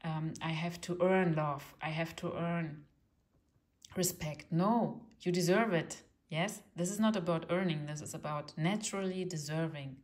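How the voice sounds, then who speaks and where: Gentle German woman reading tarot. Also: low voice, steady tone, a little slow. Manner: gentle, reassuring, often asks "yes?". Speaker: tarot reader. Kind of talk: casual tarot reading talk.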